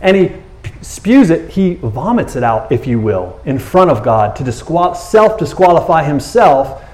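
A man's voice: a little high, unhurried. A male pastor preaching a sermon in a casual, conversational way. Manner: animated, conversational, acts out characters.

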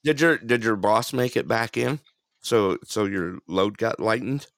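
A man's voice: lowish voice, unhurried, gravelly, a bit bright, no echo, studio quality. A man hosting a casual talk show, upbeat, greeting callers and laughing often. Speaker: host. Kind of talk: casual talk radio chat.

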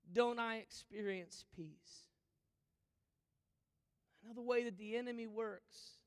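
High-voiced preaching man in a big hall. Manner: swings from loud preaching to hushed near-whispers. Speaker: pastor. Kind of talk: sermon. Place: church auditorium. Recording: long reverb of a large hall.

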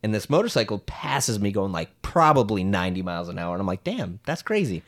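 Young male podcast co-host, lower register, loose rambling storyteller. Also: very animated, a little fast. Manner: rambling anecdotes full of "like", laughing often. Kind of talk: casual chat, storytelling.

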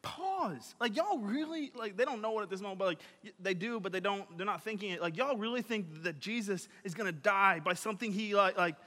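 Young man, preacher, casual chatty sermon, very high voice, reverberant hall. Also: fairly quick, few pauses. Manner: chatty, many fillers, swings between loud and quiet.

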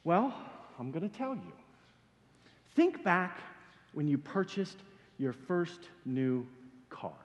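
Animated middle-aged pastor in a reverberant hall. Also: male voice, a little high, slow, long pauses. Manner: animated, self-deprecating storyteller acting out his own panic. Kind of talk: sermon storytelling.

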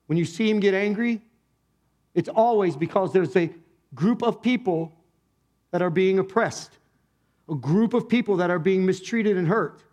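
A high-voiced pastor preaches a lively, conversational sermon to a congregation in church, animatedly asking them rhetorical questions. He speaks at normal speed with long pauses.

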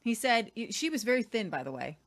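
A woman's voice: fairly high pitch, big pitch swings, quick pace. A woman around forty co-hosting a news talk show, speaking in an emphatic, insistent way. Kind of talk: casual chat, ranting commentary.

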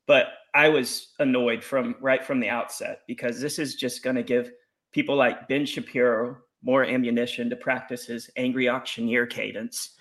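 A man's voice: medium pitch, fairly even intonation, moderate pace, a bit bright. A man joining a panel discussion as a guest, speaking in a wry, sardonic way with dry asides.

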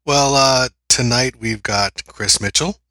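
A man co-hosting a podcast, explaining the format in a relaxed way with plenty of filler words. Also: medium pitch, takes it slowly, dry recording. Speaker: podcast co-host. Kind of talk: casual podcast chat.

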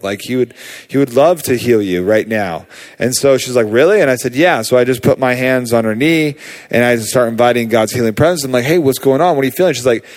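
A man preaching, telling a personal healing story in a casual, animated way with many fillers. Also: mid-range voice. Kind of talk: sermon testimony.

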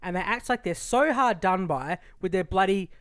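A woman's voice: mid-range voice, animated, normal speed, dry recording. An Australian woman co-hosting a podcast, blunt and wry in casual chat, swearing often. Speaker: podcast co-host.

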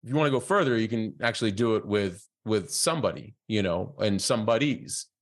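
Reflective man telling a story, low voice. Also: a little fast. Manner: animated, acts out quoted dialogue, many fillers. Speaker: podcast guest.

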